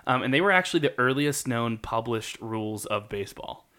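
A man's voice: mid-range voice, lively intonation, brisk, pushed and bright. A man co-hosting a podcast, chatting casually and rambling with lots of filler words. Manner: rambling, with lots of ums and likes. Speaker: podcast co-host. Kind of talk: casual chat.

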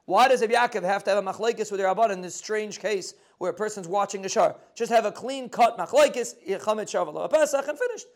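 High-voiced man teaching Talmud. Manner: quick explanatory, translating Aramaic text into English with yeshiva phrasing. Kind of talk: daf yomi Talmud lesson.

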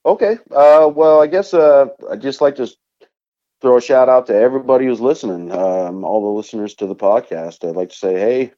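A man's voice: mid-range voice, fairly quick, mellow, highs cut off. A man from Vermont with a Vermont accent, a musician guest telling easygoing stories in a casual interview and laughing often.

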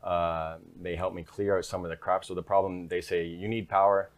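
A man's voice: deep voice, little pitch movement, fairly quick. A man speaking frankly in an interview, telling his story in a casual, conversational way and often tagging his sentences with "right?". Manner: frank, repeats "right?" tags. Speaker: interview guest.

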